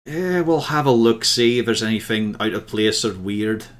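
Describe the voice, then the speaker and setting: A tabletop player talks in a casual, mid-pitched voice. The delivery is blunt and jokey, with frequent swearing. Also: expressive, normal speed. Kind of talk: casual game chat.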